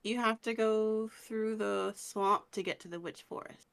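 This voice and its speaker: A woman's voice: mid-range voice, steady tone, measured pace, gravelly, crowd noise. A woman narrating as game master over an online voice chat, giggly and tripping over her words.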